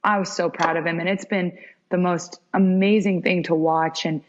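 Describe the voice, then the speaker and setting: Animated young woman telling a story. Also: fairly low pitch, normal speed. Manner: animated, acts out quoted dialogue. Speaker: podcast guest, former pro soccer goalkeeper. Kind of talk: casual storytelling interview. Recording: dull lo-fi podcast audio.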